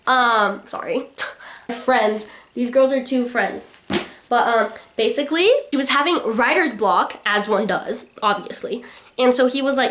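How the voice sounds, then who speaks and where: A woman's voice: on the high side, moderate pace, fairly bright tone, slight background noise. A young woman vlogging casual book reviews, chatty and full of "like" fillers.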